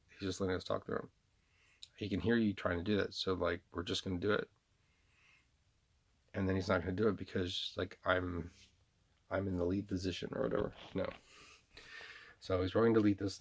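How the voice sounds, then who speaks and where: A man's voice: low-pitched, gravelly, breathy edge. A man vlogging in a rambling monologue, full of restarts and repeated words.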